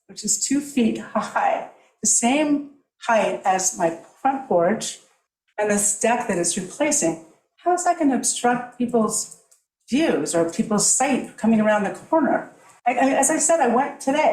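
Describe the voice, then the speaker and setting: A woman's voice: on the high side, darkish tone, roomy sound, low-quality recording. A middle-aged woman making an emotional, rambling, apologetic public comment at a podium in a town meeting room. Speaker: homeowner speaking at a public hearing.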